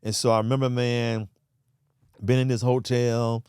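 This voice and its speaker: A man's voice: medium pitch, level tone, a little slow, a little mellow, smooth, no echo, studio quality. A man as a podcast guest, telling his personal story with emotion and often calling the host "man" and "brother".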